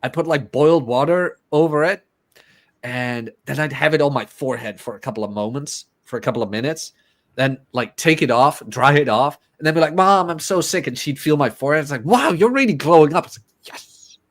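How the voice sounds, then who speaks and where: A man's voice: medium pitch, brisk, fairly bright tone. A man co-hosting a casual podcast chat, joking and acting out quoted people. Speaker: podcast co-host.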